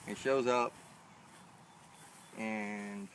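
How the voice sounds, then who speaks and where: A man's voice: lowish voice, fairly even intonation, moderate pace, creaky, fairly bright tone, a little hiss or hum. Profane, intense young man telling a story. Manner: profane, intense, builds to heated outbursts. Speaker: spoken word performer. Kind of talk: confessional storytelling and spoken word poetry. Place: live show.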